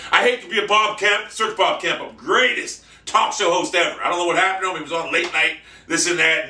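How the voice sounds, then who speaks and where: A man ranting brashly and profanely in a monologue vlog, boasting loudly. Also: sits high, distant mic. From United States. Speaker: vlogger. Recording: echoey room, off-mic.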